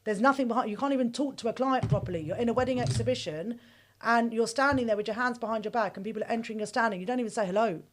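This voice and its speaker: A woman, a bridal boutique owner talking on a podcast, telling stories in an animated, outspoken and emphatic way. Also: a little high, very fast. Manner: animated storytelling. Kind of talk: casual podcast conversation.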